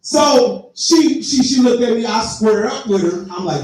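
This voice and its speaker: A man's voice: extremely high pitch, lively intonation, measured pace, few pauses, a little mellow, a little hiss or hum. Profane storytelling man on a far mic. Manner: profane storytelling, addresses the crowd. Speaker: stand-up comedian. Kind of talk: stand-up comedy set. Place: live comedy venue. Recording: echoey room, heard from far off.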